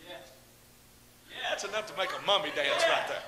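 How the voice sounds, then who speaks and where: Preaching a fiery Pentecostal sermon at a moderate pace with long pauses, this man alternates between loud, shouted declarations and quiet, conversational asides, calling out to the congregation as he goes.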